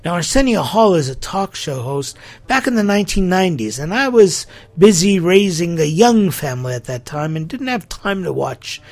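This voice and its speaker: Gravelly middle-aged man, podcast commentary. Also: high voice. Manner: incredulous, rhetorical, acts out quotes. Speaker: podcast host. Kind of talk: opinion commentary monologue.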